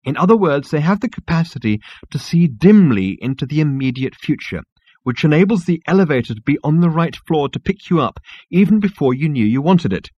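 A man's voice: mid-range voice, no room sound, highs cut off. Man narrating a wry comic audiobook. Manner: wry, expressive storytelling.

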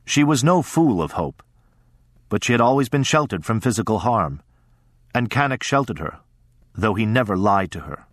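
A man narrating a first-person story in a measured, even storytelling voice. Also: on the low side, no echo, clean studio sound. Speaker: audiobook narrator. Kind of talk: scripted narration.

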